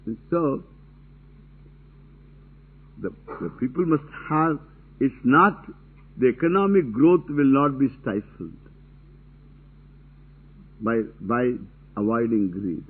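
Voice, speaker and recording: A man's voice: mid-range voice, animated, slow pace, long pauses, slightly rough. A man giving a religious discourse, talking emphatically and repeating his key phrases with casual asides. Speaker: spiritual teacher. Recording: tinny narrow-band lo-fi recording.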